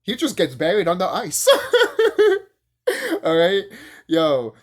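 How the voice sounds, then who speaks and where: Rambling, animated young man ranting. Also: takes it slowly. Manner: rambling, profane, laughs often, many fillers; animated, jumps high when excited. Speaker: YouTube reviewer. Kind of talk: casual rant and review.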